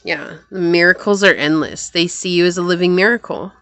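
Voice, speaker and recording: A woman's voice: on the low side, a little fast, fairly bright tone, dry recording. A woman giving a pick-a-card tarot reading, talking earnestly and thinking aloud as she pulls cards. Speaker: tarot reader.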